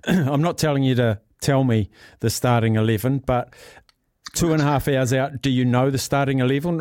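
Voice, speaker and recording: A man's voice: medium pitch, a little mellow, dry recording. A man hosting a radio talk show who chats in a casual, conversational way. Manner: chatty and conversational. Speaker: radio host. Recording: dry studio sound.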